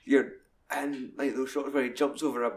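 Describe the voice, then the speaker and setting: A man's voice: mid-range voice, moderate pace. Sweary Scottish man talking films. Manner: sweary, animated retelling with put-on voices. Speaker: podcast co-host. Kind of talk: casual film discussion.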